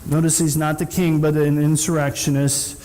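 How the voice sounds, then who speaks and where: A man's voice: a little high, flat delivery, normal speed, mellow. A man preaching a sermon as pastor, who acts out the people in the story with sudden raised voices. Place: church sanctuary. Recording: echoey church hall, faint noise.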